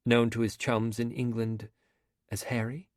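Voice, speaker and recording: A man's voice: mid-range voice, level tone, unhurried, no echo, clean studio sound, lightly acted. A man reading an audiobook, voicing a bold young woman filmmaker who asks direct, eager questions. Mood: curious.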